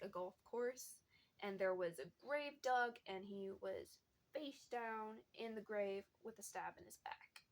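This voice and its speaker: A woman's voice: mid-range voice, a bit bright. Chatty young woman rambling about books. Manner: chatty, rambling with many fillers and little laughs. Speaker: book vlogger. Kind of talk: casual book chat.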